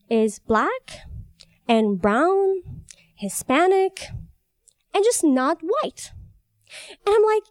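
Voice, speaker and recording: A woman's voice: high voice, a little mellow, dry recording. A young woman tells a personal story, candid and wry, often laughing between lines. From Iran. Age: young adult.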